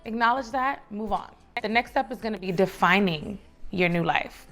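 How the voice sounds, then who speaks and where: A woman's voice: medium pitch, normal speed, fairly bright tone, soft background music. Chatty New woman vlogging. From the Bronx, New York. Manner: chatty and encouraging, calls viewers baby and sis. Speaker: lifestyle vlogger. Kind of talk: casual direct-to-camera advice.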